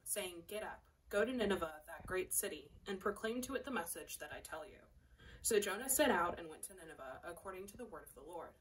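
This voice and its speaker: A woman as lector reading scripture aloud in church, calm and even. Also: on the low side, brisk. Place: church sanctuary. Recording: distant mic in church.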